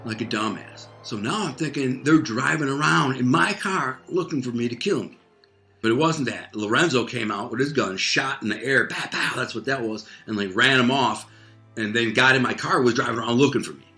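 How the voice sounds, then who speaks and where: Guest, man from Detroit, bright and forceful voice, vivid street-story delivery, faint music under. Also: mid-range voice, moderate pace. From Detroit, United States. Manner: vivid, animated retelling peppered with "man" and "like". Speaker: interview guest telling a life story. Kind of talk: casual spoken storytelling.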